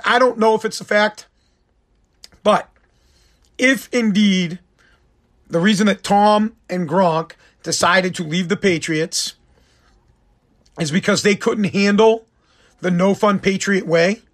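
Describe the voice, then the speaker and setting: A man with a fairly high voice rants about football in a heated, profane monologue. He is sarcastic and cuts in hard. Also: fairly bright tone. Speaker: sports commentator. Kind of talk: ranting sports monologue.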